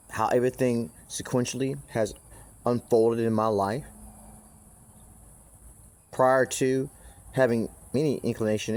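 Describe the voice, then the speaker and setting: In a low, slightly mellow voice, a man meanders through a casual, profane monologue. He keeps looping back, starting sentences over and drifting into asides.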